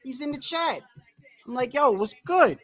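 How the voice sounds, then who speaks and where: Male boxing streamer, high voice, loose profane storytelling, rambles. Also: animated, normal speed, fairly bright tone, slightly rough. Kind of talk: casual livestream storytelling.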